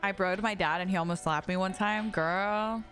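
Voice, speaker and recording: Over background music, a young woman livestreams a game and chats casually with viewers, swearing and laughing often. Her voice is medium-pitched and a bit bright, at a moderate pace.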